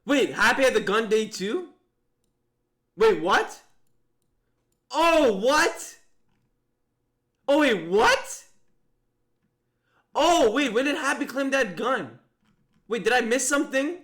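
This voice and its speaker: A young man commentates live on a mafia game he is playing, his voice very high and bright. He swings between disbelieving shouts and quick muttered reasoning, thinking out loud the whole way. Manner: excitable, exclaiming in disbelief, thinking aloud.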